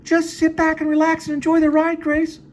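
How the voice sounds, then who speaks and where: A man doing an eerie high woman's voice. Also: completely flat delivery, moderate pace.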